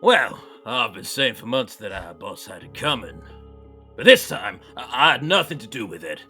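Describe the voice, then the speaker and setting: A resentful factory worker who grumbles and insists he is innocent, read aloud by a man at a table read. The voice is bright and ranges widely in pitch. Faint music plays underneath. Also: very animated, normal speed, breathy edge, exaggerated voice. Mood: defensive. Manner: defensive, grumbling. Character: disgruntled male factory worker Dave.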